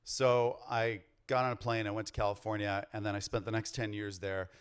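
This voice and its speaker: Energetic man giving a keynote. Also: fairly low pitch, a little fast, clear, resonant tone. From Canada. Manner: energetic, rallies the crowd with questions. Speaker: keynote speaker. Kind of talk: conference keynote talk. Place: on stage before a large audience.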